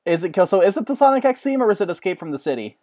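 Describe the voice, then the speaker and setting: Guy rambling excitedly in a chill chat, keeps laughing. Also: sits high, rapid-fire. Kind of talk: casual chat.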